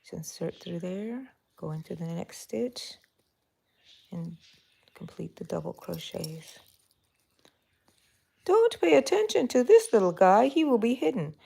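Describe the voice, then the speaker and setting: A Texan-accented woman hosts a casual crochet livestream, chatting with viewers and talking to herself while she works. Her mid-range voice swings widely in pitch at a measured pace, gravelly and mellow with a breathy edge and frequent pauses.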